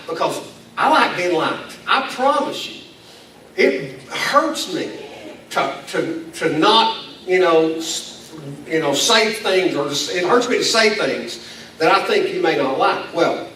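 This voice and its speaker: A man's voice: sits high, a bit bright. A male pastor, preaching a folksy, self-deprecating sermon and chuckling now and then. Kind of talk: conversational sermon. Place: church meeting in a school building. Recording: echoey hall, distant mic, faint noise.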